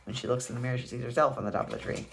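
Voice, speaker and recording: A man reading a picture book aloud as a teacher, telling the story in an expressive, animated way. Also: medium pitch, racing, noisy background.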